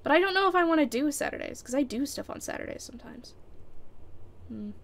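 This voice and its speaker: A woman's voice: sits high, expressive, fast, vocal fry, a bit bright. A young woman chatting casually as a live streamer winding down her stream, rambling with lots of fillers and frequent laughs.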